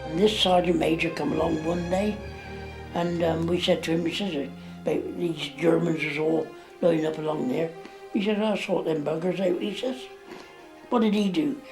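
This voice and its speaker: A man's voice: a little high, steady tone, normal speed, gravelly, music in the background. A man, recounting memories in an interview, rambling with plenty of fillers. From England. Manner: rambling, dialect grammar, many fillers. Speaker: war veteran interviewee.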